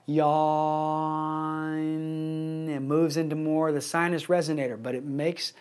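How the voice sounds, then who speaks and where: A man's voice: on the high side, steady tone. A man teaching a vocal placement lesson, talking through exercises and singing example words for the class to copy. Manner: slow, demonstrative, sings example words.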